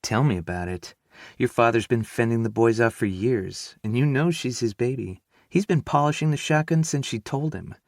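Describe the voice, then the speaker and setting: Male narrator voicing a playful Southern mother, drawn-out vowels, audiobook. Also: mid-range voice, a little mellow, no room sound, studio quality, pitched above the performer's own voice, close to an everyday voice. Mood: amused. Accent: Southern US drawl. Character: middle-aged Southern mother, teasing and affectionate.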